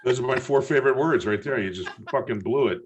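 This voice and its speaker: A man's voice: medium pitch, fast. A man co-hosting a podcast, chiming in with short wry remarks and swearing. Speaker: podcast co-host. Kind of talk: casual podcast banter.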